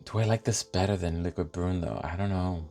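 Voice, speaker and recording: A man with a low-pitched voice talks briskly as he unboxes fragrances and reviews them, faint music playing behind him. His manner is casual and animated, full of fillers as he thinks out loud.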